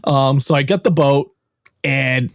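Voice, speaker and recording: A man hosting a podcast and telling a long story in an animated, profane, casual way. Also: medium pitch, slow, gravelly, no room sound. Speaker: podcast host. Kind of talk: casual chat.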